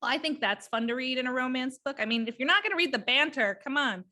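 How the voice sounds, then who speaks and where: Excited, rambling woman chatting books. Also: high-pitched. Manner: excited, rambling, quick bursts. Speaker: podcast co-host. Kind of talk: casual book chat.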